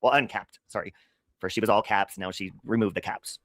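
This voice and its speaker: A man hosting a livestream, chatting casually in an animated, gossipy and profane way. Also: fairly low pitch, a little fast, dry recording, clean studio sound. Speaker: livestream host.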